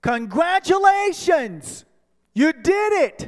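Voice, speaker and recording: A man's voice: very high-pitched, very animated, pitched above the performer's own voice, full character voice. A man doing a soaring spirit voice. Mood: tender. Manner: slow and soaring. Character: a high, gentle guiding spirit voice. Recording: long hall reverb.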